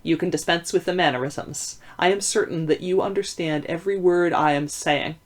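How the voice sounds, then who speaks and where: A woman putting on a shrewd male detective, deliberate delivery, formal diction, audiobook. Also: fairly low pitch, close to an everyday voice. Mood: probing. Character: shrewd Victorian male detective, calm, probing. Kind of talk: audiobook reading.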